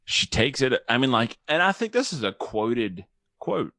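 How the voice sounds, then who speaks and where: A young adult man chatting casually as a podcast guest, animated and joking. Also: medium pitch, a little slow, dry recording, clean studio sound. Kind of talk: casual chat.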